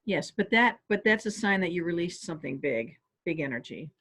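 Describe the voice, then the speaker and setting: A woman calmly guiding listeners step by step through a stress relief tapping exercise on a video call. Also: fairly low pitch, fairly quick, slightly rough. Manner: calm step-by-step coaching. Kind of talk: guided tapping exercise instruction. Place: home office on a webinar.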